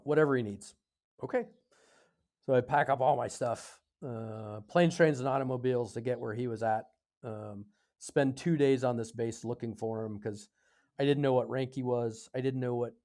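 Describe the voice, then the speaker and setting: A man in his fifties from the United States, a podcast guest telling a story in a loose, conversational way. He hesitates often, filling gaps with ums and correcting himself mid-sentence. His voice sits at an ordinary middle pitch for a man. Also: fairly even intonation, a little mellow. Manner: halting, full of fillers and self-corrections. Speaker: podcast guest, retired Air Force officer.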